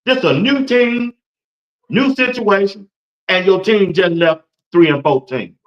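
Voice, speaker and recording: Man, sports talk host, casual and chatty, slightly high voice, dull lo-fi audio. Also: measured pace. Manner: chatty, loose, laughs often, talks to chat viewers by name.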